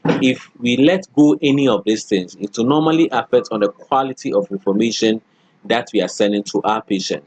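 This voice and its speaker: A man's voice: medium pitch, a little fast, darkish tone, no room sound. Middle-aged guy lecturing a class, keeps saying okay and all right, dry close sound. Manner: repeats okay and all right, acts out spoken examples. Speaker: college lecturer.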